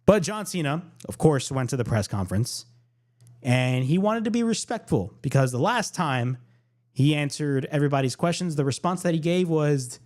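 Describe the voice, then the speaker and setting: A man hosting a podcast, recapping a wrestling show off the cuff in a lively, unscripted way and repeating lines for emphasis. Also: a little high, normal speed. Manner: animated, repeats himself for emphasis. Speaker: podcast host.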